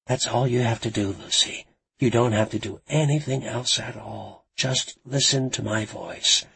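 A man's voice: medium pitch, measured pace, gravelly, breathy edge, full character voice. A man playing a soothing, coaxing woman. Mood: lulling. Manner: soft, lulling, urgent pleading. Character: calm, coaxing woman trying to soothe someone.

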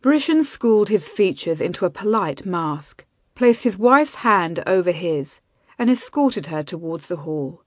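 Soft-spoken woman narrating a romance. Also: lowish voice, very animated, no room sound, clean studio sound. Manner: soft, intimate, measured reading. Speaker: audiobook narrator.

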